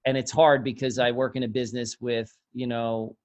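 A middle-aged man chatting casually as a host, rambling and animated, swearing freely and mimicking other people's voices. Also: medium pitch, moderate pace. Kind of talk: casual chat.

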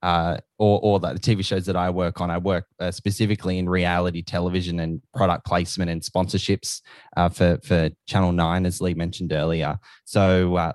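Upbeat australian guy on a podcast, real deep voice, dry close sound. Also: a little mellow, dry recording. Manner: enthusiastic, rambling. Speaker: podcast co-host, guest. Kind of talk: casual podcast chat.

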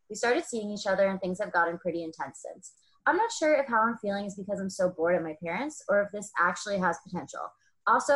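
Woman co-host, reads listener letter aloud, steady and even. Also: on the low side. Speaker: podcast co-host.

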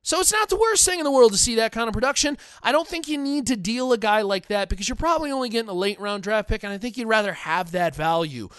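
Man, podcast host, blunt and digressive, crisp voice, dead-dry sound. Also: sits high, lively intonation, fast, few pauses, a bit bright, dry recording. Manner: opinionated, digressive, repeats himself. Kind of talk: sports podcast commentary reading fan comments.

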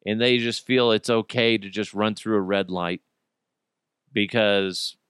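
A man's voice: fairly low pitch, steady tone, unhurried, a bit bright, clean tone, no room sound, clean studio sound. A man hosting a podcast, rambling through a casual comic monologue with lots of swearing and laughing at his own jokes. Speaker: podcast host.

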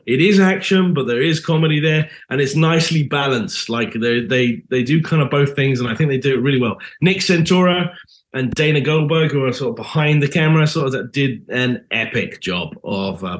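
A man with a British accent, an actor guest chatting in a casual podcast interview, animated and full of lively swings in pitch.

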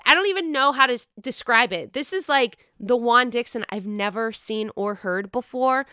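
A woman with a Pittsburgh accent hosting a podcast in excitable, profane casual chat, her voice lowered from being sick. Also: moderate pace, clean tone, dry recording, clean studio sound. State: sick, voice lower than usual. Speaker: podcast host.

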